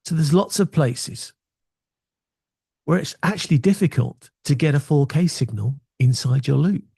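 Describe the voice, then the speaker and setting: Guy with a gravelly mellow voice, dry close sound, chatting opinions on video gear from his little home studio. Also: a little high, lively intonation, unhurried, no room sound. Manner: wry, opinionated, chatty asides. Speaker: video tech presenter. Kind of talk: casual opinionated talk to camera.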